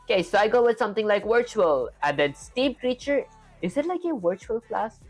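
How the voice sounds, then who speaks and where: A man's voice: high voice, very animated, fairly quick, faint music behind. Chatty young man with an Indian accent. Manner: chatty, talks through each step, keeps addressing viewers as guys. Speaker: coding streamer. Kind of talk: live coding stream, thinking aloud and answering chat.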